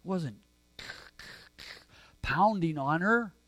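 A man preaching a sermon, earnest and conversational, swinging between emphatic lines and soft, hushed ones. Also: high-pitched, expressive, extremely slow, no room sound. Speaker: pastor.

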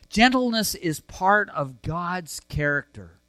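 A man preaching a sermon, earnest and conversational, swinging between emphatic lines and soft, hushed ones. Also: fairly high pitch, animated, slow, no echo. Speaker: pastor.

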